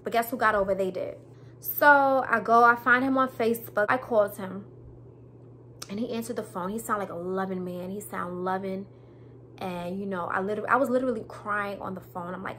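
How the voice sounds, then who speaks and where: A woman's voice: fairly high pitch, moderate pace, sharp tone, a little hiss or hum. A woman telling a storytime vlog in a casual, emphatic way, with speech and some preachy repetition. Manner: emphatic, preachy, repeats herself.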